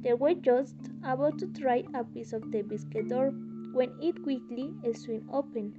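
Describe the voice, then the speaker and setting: A woman with Spanish as her first language reads a fairy tale aloud in a plain, steady way. Her voice is high, and the recording is muffled, with loud music behind it. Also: a little slow. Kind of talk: reading a story aloud.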